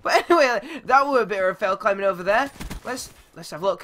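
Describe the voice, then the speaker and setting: A young man giving live gameplay commentary, excitable and swearing, his voice going squeaky when he yells. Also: fast talker, creaky, slight background noise. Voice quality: goes squeaky when yelling. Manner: excitable, shouts and swears at the game. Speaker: gaming YouTuber.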